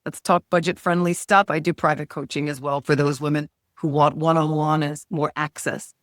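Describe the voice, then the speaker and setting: A middle-aged woman, a health coach, speaking as a podcast guest with enthusiastic talk that swings up and down in pitch and loudness. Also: level tone, normal speed, no room sound, studio quality. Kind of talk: casual podcast interview.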